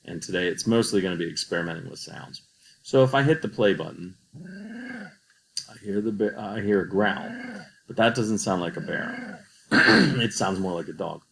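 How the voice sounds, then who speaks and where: A man's voice: low-pitched, gravelly, fairly bright tone, slight background noise, poor audio. A man teaching a coding tutorial over a screen recording, patient and explaining each step.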